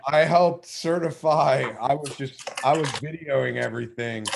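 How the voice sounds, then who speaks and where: Gravelly-voiced male fishing show host. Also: mid-range voice, a little slow, very noisy. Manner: eager interjections, reads viewer comments. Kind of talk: casual live interview.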